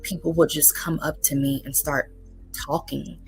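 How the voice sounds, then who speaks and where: Low-voiced earnest woman therapist. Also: little pitch movement, normal speed, gravelly, poor audio. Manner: earnest, encouraging, many ums. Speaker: therapist guest. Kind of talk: casual interview talk. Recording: faint music underneath.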